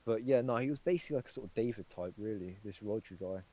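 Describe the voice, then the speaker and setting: A young podcast co-host with a low, dark-toned voice talks fast in casual chat, rambling with plenty of fillers and swearing. The audio quality is poor.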